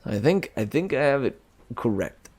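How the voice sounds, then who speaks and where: A man's voice: medium pitch, sing-song, normal speed, a little mellow, slightly rough. A man who reads stories aloud, chatting in a rambling, self-amused way with frequent chuckles and restarts. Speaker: audiobook reader. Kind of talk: casual rambling aside.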